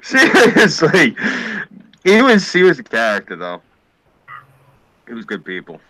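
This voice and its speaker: A man on a casual podcast, telling a family story in a profane, animated way. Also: a little high, measured pace, rough recording.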